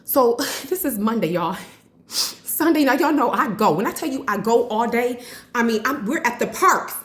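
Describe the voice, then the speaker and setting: A woman in her forties talks to her camera in a loose, chatty vlog, sitting a touch higher in pitch than most women. She spins her stories with excited energy and keeps calling her viewers y'all. The room around her rings with a noticeable echo. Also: moderate pace. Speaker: vlogger. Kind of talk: casual chat to camera. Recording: roomy echo.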